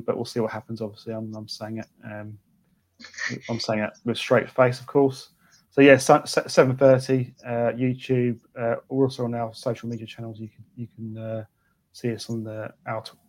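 A man appears as a guest on a football podcast and talks hesitantly, full of ums and false starts. His delivery stays flat and monotone. His pitch sits in the middle. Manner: hesitant, many ums, restarts. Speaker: guest, fan channel presenter. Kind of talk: casual podcast interview.

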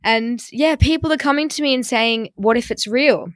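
A woman's voice: on the high side, moderate pace, no room sound, studio quality. A young woman hosting a podcast, telling a story in a chatty, wry way and reading out messages with mock drama. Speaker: podcast host. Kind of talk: casual storytelling chat.

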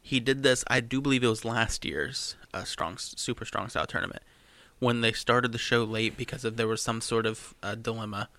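A young American man rants sarcastically on a podcast in a bright, forward voice. The sound is dry and close, with no room around it. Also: mid-range voice, moderate pace, no room sound. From United States. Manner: ranting, sarcastic. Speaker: podcast co-host. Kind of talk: casual chat.

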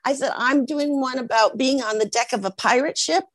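A brisk, high-pitched American woman over sixty, a guest actress, tells lively stories during an interview, voicing the people she quotes. The recording is rough, with no room sound.

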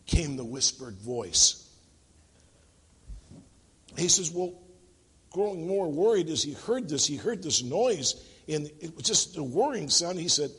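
A man's voice: on the high side, lively intonation, a little slow, a bit bright, slightly rough, big-room sound. A man preaching a sermon in a church, telling funny stories and acting out the voices in them. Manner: jokey storyteller, acting out voices in the tales. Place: church sanctuary.

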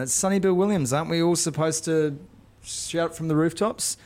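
A man's voice: a little high, moderate pace. Teasing New man hosting a podcast. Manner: teasing, animated banter. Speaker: podcast host. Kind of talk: casual chat.

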